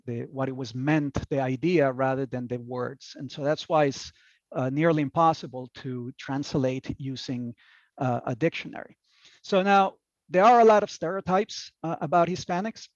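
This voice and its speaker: A man's voice: medium pitch, dry recording. A man giving a casual talk about slides, chatty and full of fillers and restarts, sometimes laughing at his own jokes. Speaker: lecturer presenting slides. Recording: dull, muffled, dry sound.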